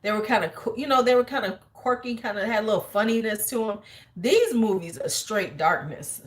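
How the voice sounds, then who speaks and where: A woman in her forties, host of a beauty livestream, telling a story in animated, slangy casual chat and laughing often. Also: on the high side, a little fast. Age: 40s.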